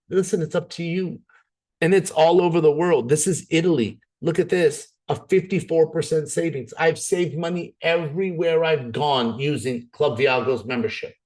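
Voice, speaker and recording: A man giving an energetic, persuasive sales presentation, often repeating words as he pushes ahead. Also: a little high, moderate pace.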